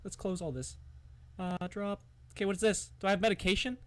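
A man commentating a horror game, muttering to himself, reading text aloud and yelling in alarm. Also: high voice, fairly quick. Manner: jumpy and excitable, swearing, yelling at the game. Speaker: gaming YouTuber.

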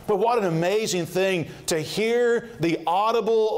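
A male pastor preaching a sermon earnestly, often pausing with fillers and restarting phrases, slowing down to dwell on scripture quotes. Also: high-pitched, lively intonation, a little hiss or hum.

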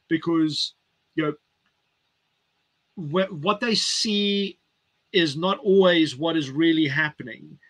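A man hosting an online event over a video call, talking in a relaxed way with many fillers. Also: on the high side. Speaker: host.

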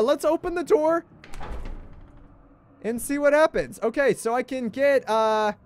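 A young man streaming a game, excitable, swinging between shouting at the game and grumbling. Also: very high-pitched. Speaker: gaming livestreamer. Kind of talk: livestream gameplay commentary.

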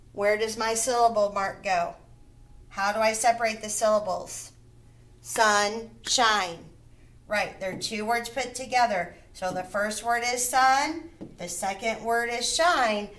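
A woman teaching first graders a recorded lesson on syllables, slow and patient, stretching out each word so the children can hear the beats. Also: on the high side, fairly bright tone. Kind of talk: recorded remote phonics lesson.

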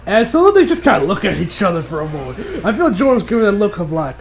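High-voiced man recapping an anime episode. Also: fast talker. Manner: animated, laughs often, acts out characters' lines. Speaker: anime reviewer. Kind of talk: casual recap.

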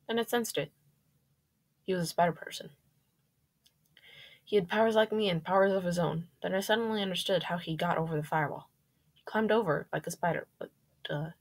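A woman reading her first-person fan fiction aloud, lively and jumping up on exclamations. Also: fairly low pitch.

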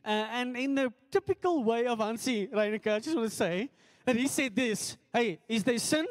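High-voiced South African pastor, echoey hall. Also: male voice. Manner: halting, filler-heavy, self-deprecating jokes. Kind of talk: church welcome and announcements. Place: church hall service. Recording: echoey church hall with long reverb.

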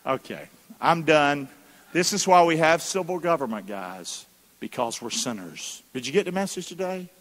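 A man's voice: fairly high pitch, lively intonation, moderate pace, fairly bright tone. A man preaching a sermon as pastor, calling for answers from the congregation in a folksy, emphatic way. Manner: call-and-response preaching, asks the congregation to answer; folksy, emphatic delivery with colloquial asides. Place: church sanctuary. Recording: long reverb of a church hall.

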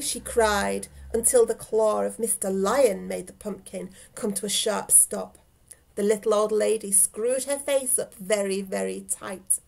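A woman, a teacher, reading a storybook aloud to children in an expressive way and talking to her young listeners. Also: medium pitch, unhurried, gravelly, poor audio.

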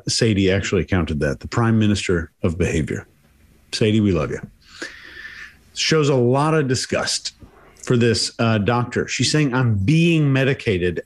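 Male panel commentator, body language analysis, measured and hedging. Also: medium pitch. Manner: analytical, hedges with "in my opinion".

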